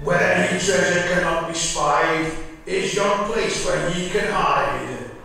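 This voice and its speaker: A man voicing an old-fashioned riddling message, speaking archaic rhymes very slowly. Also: sits high, vocal fry, bright, forceful tone, voice pushed up, exaggerated voice. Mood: mysterious. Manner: slow archaic rhyming verse. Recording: distant echoey voice over music.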